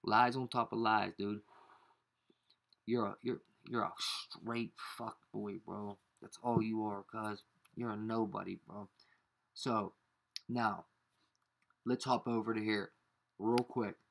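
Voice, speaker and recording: A man's voice: fairly low pitch, level tone, slow pace, gravelly, pauses often, fairly bright tone. Angry man ranting over a screen share. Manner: confrontational, slangy, repeats insults. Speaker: YouTuber.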